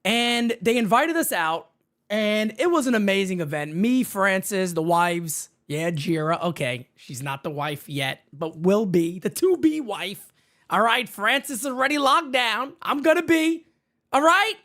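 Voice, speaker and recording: A man hosting a baseball fan live stream from his home setup, hyped and shouting out viewers in the chat by name. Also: sits high, lively intonation, measured pace. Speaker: baseball fan show host.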